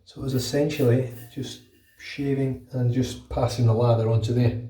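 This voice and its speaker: A British vlogger with a cold rambles casually and swears freely as he shaves his head in the bathroom at home. He speaks at normal speed with a medium-pitched, dark, fairly even voice, recorded off-mic and distant in an echoey room.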